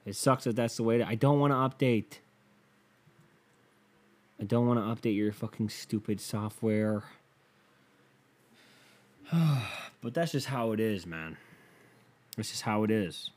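Rambling, profane young man with a low voice. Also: normal speed, pauses often, a little mellow. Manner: rambling, profane, restarts a lot. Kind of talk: casual storytelling monologue.

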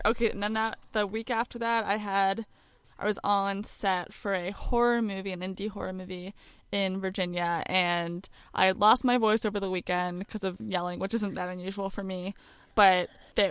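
Chatty young woman with a smooth voice. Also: mid-range voice, a bit bright, no echo. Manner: chatty, frequent "like" fillers, candid. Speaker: podcast co-host. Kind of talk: casual personal storytelling.

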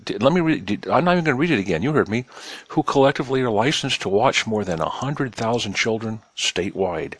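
A man's voice: lowish voice, lively intonation, fast talker, breathy edge. A man giving a sarcastic news commentary, reading reports aloud and mocking them while talking straight to his listeners in a folksy way. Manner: cynical, reads news aloud and mocks it; addresses listeners directly, folksy.

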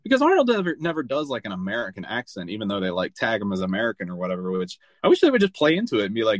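A man hosting a podcast, recapping a film in loose, animated casual chat full of "like" and the odd swear word. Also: fairly low pitch, very fast, few pauses, dry recording. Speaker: podcast host.

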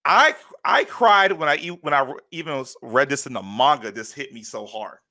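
A man's voice: mid-range voice, lively intonation, normal speed, sharp tone. A man in casual podcast chat, animatedly retelling a story and acting out quotes. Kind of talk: casual chat recapping an anime.

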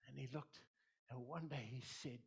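A man's voice: mid-range voice, fairly even intonation, moderate pace, gravelly, husky. Impassioned man preaching a sermon. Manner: impassioned, repetitive preaching with dramatic quoted voices. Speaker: pastor.

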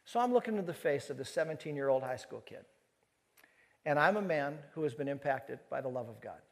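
A man preaching to a live audience, telling a story with lively acted-out dialogue. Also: mid-range voice, brisk, vocal fry. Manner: animated storyteller who acts out dialogue. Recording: long reverb of a large hall.

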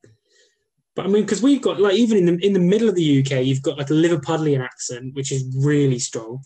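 Male co-host, slightly high voice, casual and sweary. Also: fast talker, mellow. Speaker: podcast co-host. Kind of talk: casual chat.

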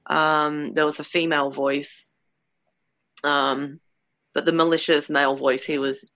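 Bright-voiced woman telling a story. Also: deep voice, little pitch movement, a little slow, long pauses, no room sound. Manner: earnest, hesitant retelling. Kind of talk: personal storytelling.

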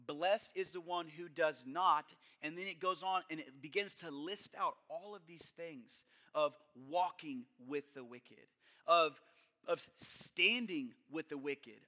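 A young adult man preaching a sermon, telling a personal story with hushed asides and loud emphatic bursts. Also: on the high side. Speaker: pastor.

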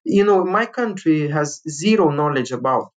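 A man from Lithuania telling a personal story, animated and full of restarts, acting out the people he quotes. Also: a little high, normal speed. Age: adult father. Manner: animated, acts out quoted voices, frequent restarts. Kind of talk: personal story told to listeners.

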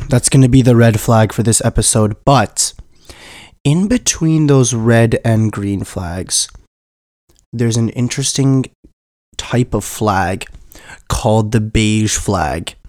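A man's voice: mid-range voice, slow, a little mellow, dry recording, studio quality. A man hosting a casual solo podcast, his voice stuffy from a cold, rambling and joking at himself as he trips over his words. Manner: rambling, self-mocking, stumbles over words. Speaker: podcast host.

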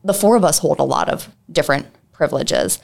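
A woman co-hosting a podcast, with a somewhat low voice. She talks casually and earnestly, thinking her points through with plenty of "like"s. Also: lively intonation, brisk, vocal fry. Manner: earnest, reflective, many "like"s. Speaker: podcast co-host, mental health clinician. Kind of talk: casual chat.

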